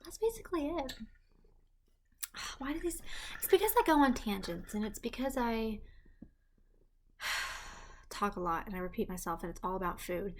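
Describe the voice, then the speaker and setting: A young woman gives a rambling, self-deprecating vlog update, drifting between tangents. She talks softly at times, dropping into hushed, breathy asides, and her voice sits in an ordinary middle pitch for a woman. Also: slight background noise. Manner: quiet and hushed at times, while her partner sleeps. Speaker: vlogger. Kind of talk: casual pregnancy update vlog.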